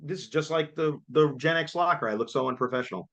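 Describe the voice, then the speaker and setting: A man, chatting casually as co-host, excitable and jokey and laughing often. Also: a little high, quick pace. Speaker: co-host reviewing a concert. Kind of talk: casual chat.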